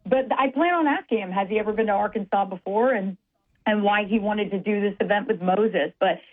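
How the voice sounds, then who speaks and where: A woman's voice: mid-range voice, brisk. A woman reporter, chatting casually on the radio in a self-deprecating, chatty way. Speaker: sports reporter. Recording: tinny phone line.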